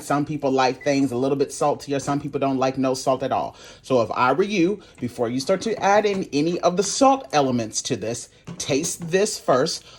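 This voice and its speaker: A man hosting a home cooking video, walking viewers through a recipe in a chatty, sassy way, calling them y'all and honey. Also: medium pitch. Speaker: cooking channel host. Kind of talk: casual cooking tutorial.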